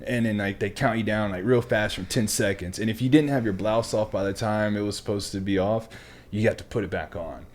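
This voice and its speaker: A man hosting a podcast, a military veteran telling stories in casual chat who swears freely, laughs often and drops to a hushed voice for asides. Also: on the low side, fairly quick.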